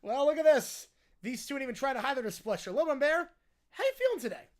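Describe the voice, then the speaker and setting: A man hosting a parody game show with deadpan, wry asides. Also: very high voice, fast talker. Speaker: host.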